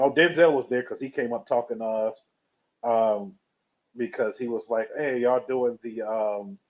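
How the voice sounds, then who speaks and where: A man live-streaming, telling a rambling story in a casual, chatty way and greeting viewers from the chat. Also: mid-range voice. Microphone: webcam or USB streaming setup. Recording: tinny phone-like sound.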